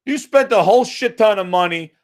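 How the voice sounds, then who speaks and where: He's a US gaming commentator, ranting about a video game with profanity, sarcasm and exasperation. The voice is high, a little fast, with lively intonation.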